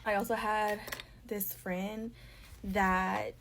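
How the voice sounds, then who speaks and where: A woman's voice: mid-range voice, little pitch movement, very slow, vocal fry, a bit bright, a little hiss or hum. A young woman telling a casual storytime to a phone camera, blunt and profane with constant "like" fillers.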